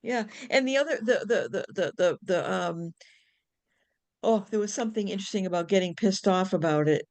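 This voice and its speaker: A woman nurse chatting on a video call with friends, animated, acting out inner voices, with many restarts and casual swearing. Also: mid-range voice, moderate pace. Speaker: nurse, book club member.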